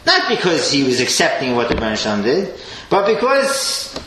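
A man teaching a Torah class with an animated delivery, swinging between loud emphasis and quiet asides and sprinkling in Hebrew and Yiddish terms. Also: mid-range voice, normal speed. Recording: echoey room with faint noise.

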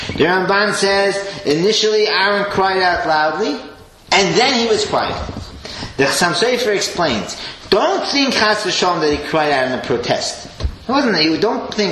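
A man teaching a Torah class with an animated delivery, swinging between loud emphasis and quiet asides and sprinkling in Hebrew and Yiddish terms. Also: high voice, moderate pace. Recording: echoey room with faint noise.

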